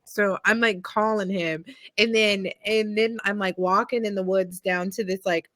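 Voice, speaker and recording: A woman with a Southern accent telling a long animated story on a video call, full of "like" and "I'm like". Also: mid-range voice, normal speed, dry recording, clean studio sound. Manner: animated, many "like"s and "I'm like", acts out voices in quotes. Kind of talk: casual storytelling chat.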